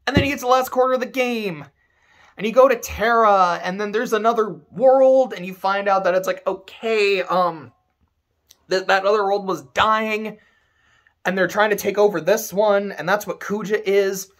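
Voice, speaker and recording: A man's voice: sits high, steady tone, a little slow, fairly bright tone. A man giving a casual, sarcastic and profane rant as a video game reviewer.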